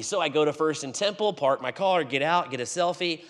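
A man preaching in a church, telling a story with animated swings between loud and hushed delivery. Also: on the high side, fairly quick. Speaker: guest preacher. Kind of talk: storytelling sermon.

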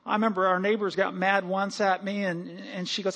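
Pastor, male, high voice, animated and humorous sermon delivery. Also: moderate pace, few pauses. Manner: animated, joking, lively storytelling with acted-out quotes. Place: church sanctuary.

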